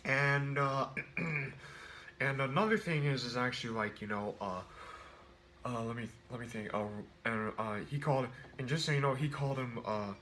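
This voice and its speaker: A man's voice: medium pitch, normal speed, pushed and bright, a little hiss or hum. Rambling man reviewing a movie. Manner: rambling, many restarts and fillers, acts out quotes.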